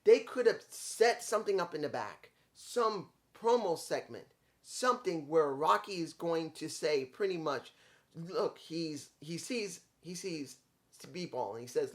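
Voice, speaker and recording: Male wrestling reviewer, slightly higher-pitched, casual and rambling, easily frustrated, stumbles over words. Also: expressive, a little slow. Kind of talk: casual opinion commentary.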